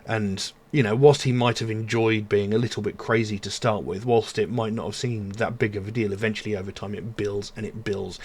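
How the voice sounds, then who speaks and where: A man's voice: on the low side, steady tone, fairly quick, hardly any pauses, darkish tone, slightly rough. A man hosting a music reaction channel, talking through song lyrics in an earnest, rambling way with lots of fillers. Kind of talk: casual commentary on song lyrics.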